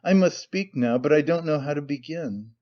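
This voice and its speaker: A man's voice: a little high, normal speed, close to an everyday voice. A man playing a bitter, tormented young man who speaks wearily and breaks into despair, in a slightly muffled recording. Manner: weary, brooding, bursts of despair.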